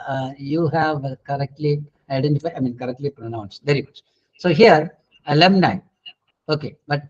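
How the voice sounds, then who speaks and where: High-voiced Indian English teacher on a webinar. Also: male voice, darkish tone. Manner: patient, corrects students, many hesitant fillers. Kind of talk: online pronunciation class. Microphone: video call. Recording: dull lo-fi webinar audio.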